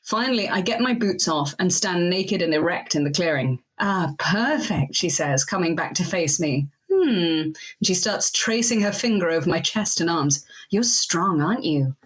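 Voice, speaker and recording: A woman's voice: lowish voice, normal speed, few pauses, slightly rough. A woman co-hosting a podcast, chatting casually and reading a story aloud in a playful way. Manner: playful, laughs between readings. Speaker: podcast co-host.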